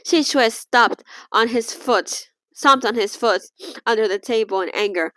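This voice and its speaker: A woman's voice: mid-range voice, expressive, normal speed, a bit bright, no echo. A young adult woman casually reading a novel aloud, stumbling over words, restarting lines and breaking off to comment. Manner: stumbles and restarts, laughs and comments between passages. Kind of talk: casual read-along with asides.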